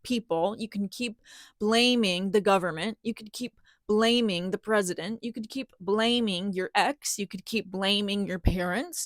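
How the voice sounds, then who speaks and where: A woman's voice: medium pitch, no room sound. Spiritual vlogger, woman, emphatic and earnest, dead-dry close recording. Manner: earnest, emphatic, acts out inner voices. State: out of breath. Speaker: spiritual teacher. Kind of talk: impassioned spiritual monologue to camera.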